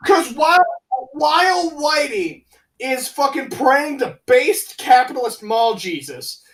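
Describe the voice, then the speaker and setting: A man's voice: very high voice, expressive, slow, a bit bright, rough recording. A young man co-hosting a podcast, retelling a film's plot in a crude, rambling, joking way. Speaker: podcast co-host. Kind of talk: casual comedic film review chat.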